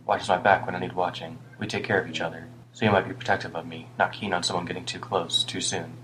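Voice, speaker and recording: A male audiobook reader gives voice to a worn-down older homeless man with a British accent, who rambles in rueful self-blame, deep and low, sometimes muttering. He talks fast with a flat, lightly acted delivery, and a faint hum sits in the background.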